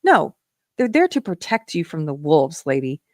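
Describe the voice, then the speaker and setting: A woman from South Carolina hosting a live political commentary show, talking in a sarcastic, emphatic way and quick to scoff. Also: sits low, very animated, a little mellow, no room sound, studio quality. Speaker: show host.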